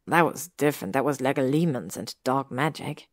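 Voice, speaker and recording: A woman's voice: extremely low pitch, lively intonation, moderate pace, dry recording, studio quality. A woman voicing a stubborn, frustrated young man in a read-aloud audiobook story, speaking insistently. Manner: insistent, raises his voice. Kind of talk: audiobook reading of fan fiction.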